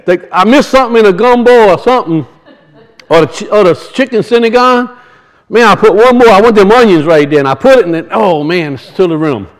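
High-voiced preacher. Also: male voice, brisk, rough recording. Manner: folksy storytelling, rising to emphatic scripture reading. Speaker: pastor. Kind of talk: sermon.

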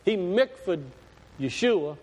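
A man's voice: sits high, lively intonation, takes it slowly, darkish tone. A man preaching a sermon in a folksy, storytelling way with sudden emphatic swells. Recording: echoey hall.

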